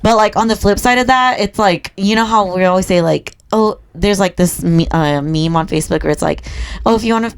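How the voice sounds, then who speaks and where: Blunt, animated woman chatting. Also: fairly low pitch, a little fast, few pauses, smooth. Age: adult with children. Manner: blunt, animated, swears freely, acts out quotes. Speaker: podcast co-host. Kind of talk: casual chat.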